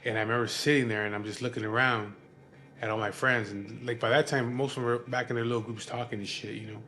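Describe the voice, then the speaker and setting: A man's voice: mid-range voice, steady tone, fast talker, pushed and bright. A man with a mid-range voice tells a story casually, rambling and cursing, with plenty of fillers. Faint background noise sits under his voice. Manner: rambling, profane, full of fillers. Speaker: vlogger telling a personal story.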